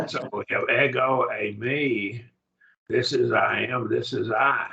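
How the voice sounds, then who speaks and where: A man's voice: medium pitch, fairly even intonation, slow pace, gravelly, pushed and bright, dull audio. An older man teaching a Greek grammar lesson, patient, checking that his student follows. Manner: patient, explains step by step, checks understanding.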